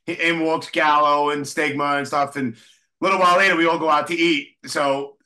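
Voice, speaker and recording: A man's voice: a little high, fairly even intonation, fairly quick, bright, forceful tone. A man hosting a podcast, telling stories with laughs and swearing. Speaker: podcast host. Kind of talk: casual podcast chat.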